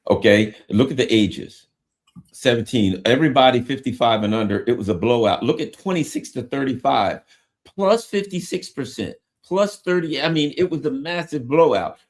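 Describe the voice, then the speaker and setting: A man's voice: mid-range voice, lively intonation, normal speed. A man hosting a political talk show, talking conversationally and walking through numbers.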